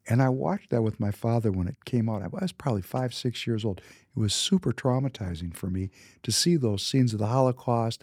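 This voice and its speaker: A husky, dark-toned man in his fifties, from Minnesota, talks through his own memories in a loose, casual monologue. He leans hard on his points and repeats key words to drive them home. The recording is dry and close, with no room sound. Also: medium pitch, no room sound. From Minnesota, United States. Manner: emphatic, repeats words for emphasis. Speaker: businessman.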